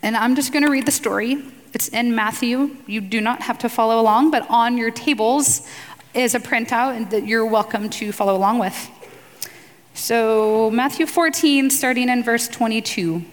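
A woman's voice: on the high side, normal speed, long reverb tail. A woman speaking casually at a church gathering, mixing scripture reading with conversational asides and fillers. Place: room with tables for the group.

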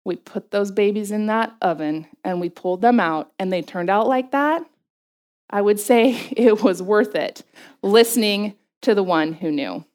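A middle-aged woman giving a faith talk to a group, telling animated personal stories with quick asides and laughing at herself. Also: mid-range voice. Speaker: speaker addressing a group.

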